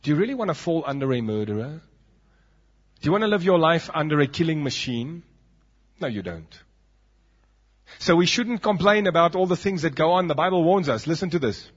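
South African male pastor, husky and fairly high, emphatic sermon delivery, lo-fi sound. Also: expressive, fairly quick, pauses often. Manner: emphatic preaching with dramatic drops. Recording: dull lo-fi recording.

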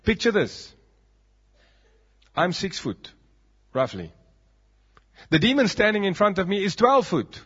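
Husky South African preacher, emphatic. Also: male voice, high-pitched, very animated, a little slow, long pauses, fairly bright tone. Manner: emphatic preaching with dramatic drops. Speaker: pastor. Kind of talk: sermon. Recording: dull lo-fi recording.

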